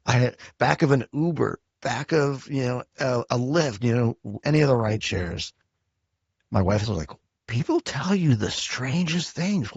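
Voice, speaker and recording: A low, husky-voiced man hosts a podcast in a loose, chatty way, full of fillers. The recording is dry and a bit dull, like lo-fi remote audio. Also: no echo. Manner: relaxed, chatty, lots of fillers. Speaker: podcast host. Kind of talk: casual interview chat.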